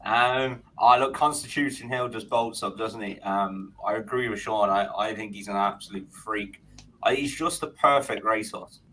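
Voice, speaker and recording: A man co-hosting a racing podcast, giving his views in a relaxed, measured way with hesitant fillers. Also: on the low side, low-quality recording. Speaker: podcast co-host. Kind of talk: casual betting chat.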